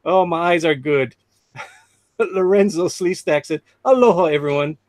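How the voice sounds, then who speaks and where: A man's voice: high-pitched, slow, no echo. A middle-aged man hosting a live drawing stream, reading chat aloud and laughing often. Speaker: livestream host. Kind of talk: casual livestream chat.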